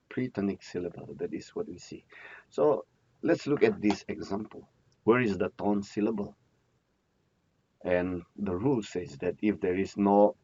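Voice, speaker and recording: A man's voice: lowish voice, mellow, husky. Guy teaching grammar, repeats himself a lot, asks then answers, muffled lo-fi sound. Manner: repeats key terms, asks and answers his own questions. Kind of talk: classroom lecture. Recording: dull lo-fi recording.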